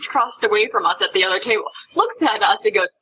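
A woman's voice: mid-range voice, animated, fast, highs cut off, slight background noise. A woman co-hosting a casual podcast, laughing her way through a story. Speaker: podcast co-host.

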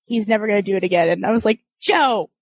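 A woman from the American Midwest, a podcast co-host, chatting in a bubbly, expressive way. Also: medium pitch, racing, no room sound, dull audio. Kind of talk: casual chat.

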